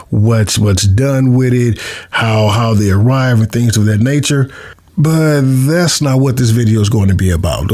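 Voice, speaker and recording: A certified tax preparer, a man, teaching taxes in a relaxed explainer style, repeating words now and then. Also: mid-range voice. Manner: friendly, repeats words, chuckles at his own jokes. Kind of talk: casual explainer lesson.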